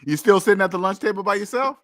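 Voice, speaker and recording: A man's voice: high voice, racing, a bit bright, no echo, clean studio sound. A man hosting a casual call-in chat, talking emphatically and repeating himself for effect, laughing often. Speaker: podcast host.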